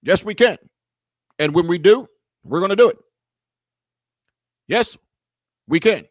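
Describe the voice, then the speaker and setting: A man doing a mocking impression of a former male president, speaking slowly with stammers and repeated slogans. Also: high voice, expressive, no echo, studio quality.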